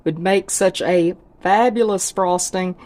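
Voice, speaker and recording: In this casual cooking vlog, a middle-aged woman talks folksily as she cooks and samples her dishes. She speaks a little slowly, with a lowish, somewhat dark voice.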